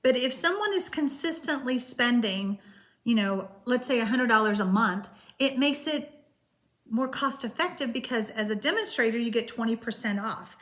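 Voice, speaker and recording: A woman's voice: on the high side, animated, moderate pace, a bit bright. A woman hosting a live-streamed card-making class, chatting loosely with viewers and answering their comments, with frequent hesitations.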